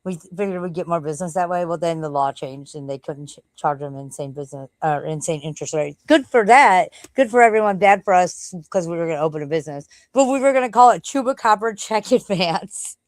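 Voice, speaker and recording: Chatty, rambling woman with a low voice. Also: fast, hardly any pauses, darkish tone, dry recording. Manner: chatty, rambling, swears casually. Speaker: livestream host. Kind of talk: casual rambling livestream chat. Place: at home, walking out to the backyard.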